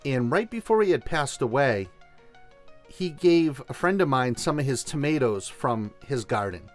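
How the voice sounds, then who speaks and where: A man's voice: medium pitch, expressive, measured pace, soft background music. A man hosting a show, telling a story and giving tips in an enthusiastic, conversational way. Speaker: host. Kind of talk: casual storytelling and instruction.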